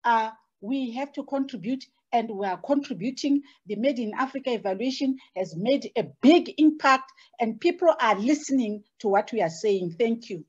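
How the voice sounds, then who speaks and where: A woman scholar speaking on a panel, measured and hesitant, with many fillers and restarts. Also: fairly high pitch, animated, a little mellow, husky, lo-fi sound. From Botswana. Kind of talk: panel talk.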